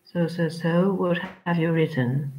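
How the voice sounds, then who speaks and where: A woman teaching an English class online, chatty and rambling, with frequent pauses as she talks to her students. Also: low-pitched, a little mellow, lo-fi sound.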